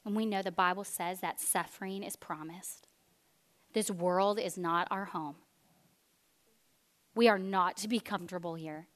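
A woman, preaching a sermon as an animated storyteller who drops to a hush for weighty points. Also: lowish voice, a little slow, long pauses. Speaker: speaker.

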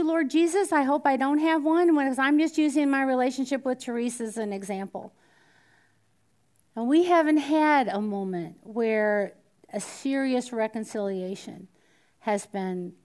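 A woman's voice: on the high side, a little mellow. A woman teaching a Bible study in a conversational way, asking the group questions and sometimes dropping to a whisper. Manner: conversational, drops to a whisper at times, asks the room questions.

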